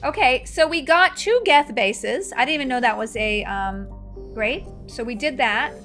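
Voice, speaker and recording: A woman's voice: high voice, animated, measured pace, fairly bright tone, soft background music. A woman chatting casually while she streams a video game, telling stories and reacting to the play. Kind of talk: casual chat while gaming.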